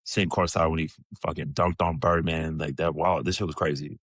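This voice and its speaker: A man in his thirties, a podcast guest telling animated, profane stories full of casual slang. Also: a bass voice, fairly quick, no echo. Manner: profane, animated storyteller, many "bro" and "like" fillers. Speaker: podcast guest, former pro basketball player. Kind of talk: casual storytelling.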